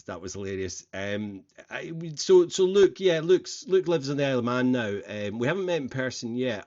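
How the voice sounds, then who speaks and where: Rambling low-voiced podcast host, lo-fi sound. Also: male voice, a little mellow. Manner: rambling, many fillers and restarts. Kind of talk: casual solo intro monologue. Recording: slightly dull lo-fi sound.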